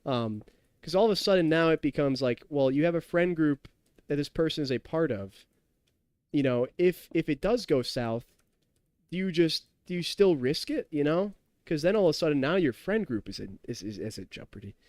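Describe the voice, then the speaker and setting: A man's voice: a little high, lively intonation, moderate pace, darkish tone, no room sound, clean studio sound. A tipsy young man in his twenties streaming a game, rambling and chatty, laughing and talking to his chat. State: tipsy from drinking. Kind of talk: casual live-stream chat while gaming.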